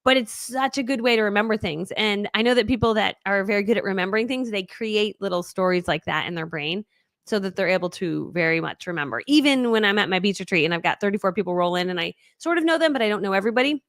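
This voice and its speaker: A woman coaching a live webinar, fast-talking, bubbly and high-energy. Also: animated, fairly bright tone, no room sound, studio quality. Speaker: online business coach.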